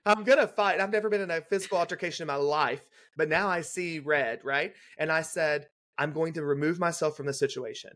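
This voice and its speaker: A young adult man, a guest on a podcast, telling a detailed clinical story in a brisk, casual way and acting out the dialogue. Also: a little high, fairly bright tone. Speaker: guest, legal nurse consultant.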